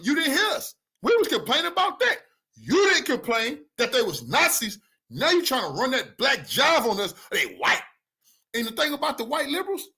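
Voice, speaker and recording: A man's voice: very high voice, bright, forceful tone, husky. A man giving a heated, profane commentary rant as an online news commentator. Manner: angry, profane, preachy.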